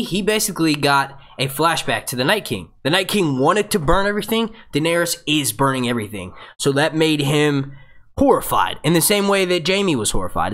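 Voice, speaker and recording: A man's voice: mid-range voice, fairly bright tone. A man hosting a fan review show, rambling through a live question-and-answer breakdown, reading out viewer questions and restarting his sentences. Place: home setup, phone nearby.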